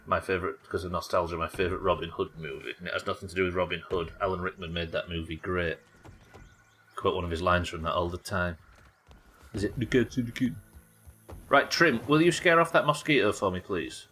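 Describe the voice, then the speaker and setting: A man from the UK streaming a survival game live, yelling at the game, swearing, and reading out chat messages. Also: low-pitched, brisk. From United Kingdom. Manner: excitable, swears a lot, yells at the game.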